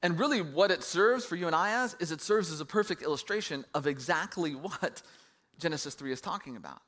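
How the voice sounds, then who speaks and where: Male pastor, middle-aged, bright tone, slightly high voice, casual sermon storytelling. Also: expressive, a little fast. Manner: conversational storytelling with self-deprecating humor.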